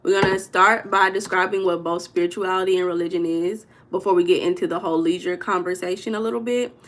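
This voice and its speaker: A woman's voice: lowish voice, fairly even intonation, quick pace, fairly bright tone, slight background noise. A young woman hosting a casual livestream, talking loosely and greeting viewers in the chat by name. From United States. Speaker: livestream host.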